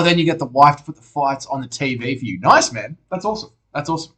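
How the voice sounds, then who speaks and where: A man's voice: mid-range voice, sing-song, racing, hardly any pauses, pushed and bright. A young Australian man hosting a casual live stream, reading viewers' messages aloud, swearing often and calling everyone mate. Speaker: streamer host reading chat.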